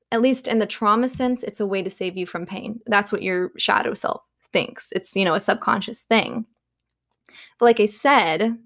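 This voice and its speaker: Chatty young woman, casual self-help talk. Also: medium pitch. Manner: chatty, filler-heavy, frequent soft laughs. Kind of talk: casual monologue. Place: at home.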